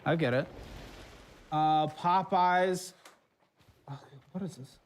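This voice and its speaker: A man's voice: on the high side, slow pace, slight background noise. A man co-hosting a casual podcast, teasing his friend while reading out his purchases in a sing-song list. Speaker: podcast co-host.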